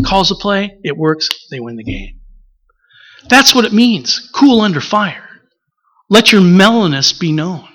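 A man from the preaching a relaxed, conversational sermon, often pausing with filler words and acting out little stories. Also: high-pitched, low-quality recording. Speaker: pastor.

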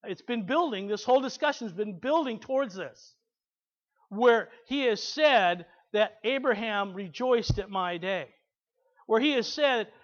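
A man's voice: high-pitched, fairly bright tone. Guy preaching a sermon, punchy and emphatic, kinda dull lo-fi sound. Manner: emphatic, reads scripture aloud with asides. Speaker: pastor. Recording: slightly dull lo-fi recording.

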